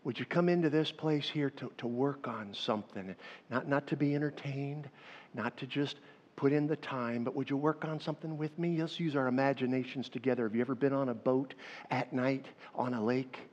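Man, pastor, sermon, lively storytelling swinging quiet to loud, long hall reverb, dull muffled sound. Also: mid-range voice, normal speed. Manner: animated, swings between hushed storytelling and loud calls to the crowd.

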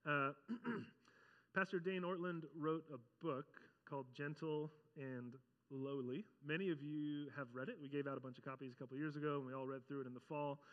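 A man preaching a conversational sermon as pastor, animated and often acting out the voices he quotes. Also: a little high, normal speed, big-room sound, dull audio.

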